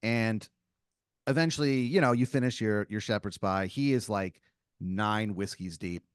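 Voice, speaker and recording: A man's voice: on the low side, measured pace, smooth, no room sound, studio quality. A man on a comedy podcast improvising a second-person story, rambling with lots of filler words. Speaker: podcast co-host telling a scenario.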